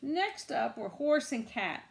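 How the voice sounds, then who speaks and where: Storybook reader, woman, lively sing-song voice, fairly high, asks the kids questions. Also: slow pace, vocal fry. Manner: animated, asides to children. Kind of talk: reading a picture book aloud.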